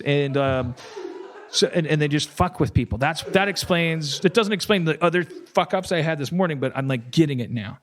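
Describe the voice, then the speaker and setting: A middle-aged man hosting a comedy podcast and making up a joke as he goes. He swears a lot, stumbles, and restarts his sentences. His voice sits on the higher side for a man. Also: animated, fairly quick. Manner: rambling, profane, self-interrupting. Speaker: podcast host. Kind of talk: improvised comedic storytelling.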